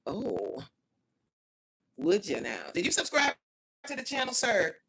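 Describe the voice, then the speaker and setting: Lively woman chatting on a phone livestream. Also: medium pitch, takes it slowly, creaky, breathy edge. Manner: chatty, reads viewer comments aloud, complains about glitches. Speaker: livestream host reading chat. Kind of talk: casual livestream chat.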